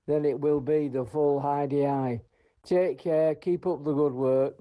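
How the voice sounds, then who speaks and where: A man's voice: a little high, fairly even intonation, measured pace, narrow, tinny audio. A man from West Yorkshire calling in to a radio show to praise it and crack jokes. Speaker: caller.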